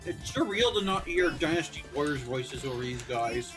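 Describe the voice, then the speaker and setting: A man joining a casual gaming stream as a player, excitable and quick with quips. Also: mid-range voice, soft background music. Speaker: guest player.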